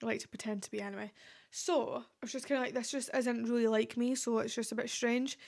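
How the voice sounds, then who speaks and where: Woman, podcast host, casual rambling chat, slightly high and gravelly, lots of fillers. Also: steady tone, fast, a little mellow. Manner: chatty, rambling, heavy use of "like" fillers. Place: at home. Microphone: podcast microphone.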